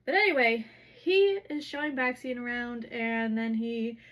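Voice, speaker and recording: A woman's voice: on the high side, fairly even intonation, unhurried, fairly bright tone. A woman casually recapping a fantasy novel for her vlog, rambling and filler-heavy. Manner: rambling, heavy use of "like" and "whatever". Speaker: book recap vlogger. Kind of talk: casual chatty book recap.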